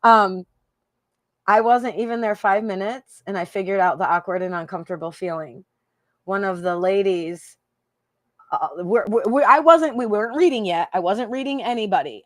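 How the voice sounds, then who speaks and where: A woman's voice: medium pitch, normal speed, no room sound. A woman from Michigan chats on a live stream about her psychic readings. She talks in an emotional, rambling way, laughing often and repeating her own phrases. Her voice is recorded close and dry, with no room sound. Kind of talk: casual live-stream chat.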